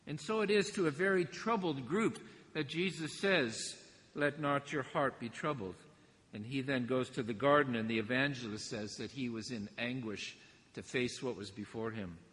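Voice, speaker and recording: A man preaching a reflective sermon, with gentle asides and the odd laugh. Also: a little high. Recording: long hall reverb.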